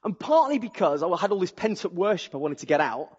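A man preaching a sermon, exuberant and animated, telling humorous stories to a church audience. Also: high voice, fast talker, breathy edge. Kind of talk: sermon with storytelling. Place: church auditorium. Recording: dull audio with long hall reverb.

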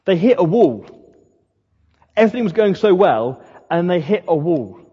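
A man's voice: high-pitched, sing-song, moderate pace, warm tone, husky. A man preaching a sermon in a conversational way, with slips and restarts. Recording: dull lo-fi sound in a reverberant hall.

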